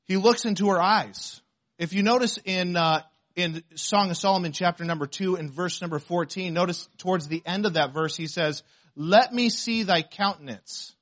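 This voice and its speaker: A man preaching a sermon to a congregation, reading scripture aloud slowly and asking the listeners questions. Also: high voice, fairly bright tone. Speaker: pastor.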